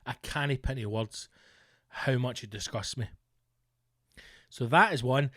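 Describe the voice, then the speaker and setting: A man's voice: medium pitch, unhurried, sharp tone, dry recording, clean studio sound. A Scottish man hosting a solo comedy podcast, ranting with constant swearing and exasperated rhetorical questions. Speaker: podcast host.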